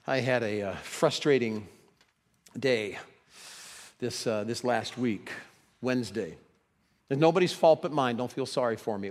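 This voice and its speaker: Man preaching in a reverberant hall. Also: medium pitch. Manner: dramatic swings from hushed to loud, acts out quotes. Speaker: pastor. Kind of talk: sermon.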